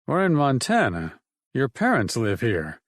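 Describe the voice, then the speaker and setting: A man's voice: medium pitch, wildly swooping pitch, unhurried, no echo, studio quality. A man voicing a bold, playful woman who teases her companion in an audiobook. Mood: curious. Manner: playful and teasing. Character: adult woman, teasing, bold, caring. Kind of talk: audiobook narration.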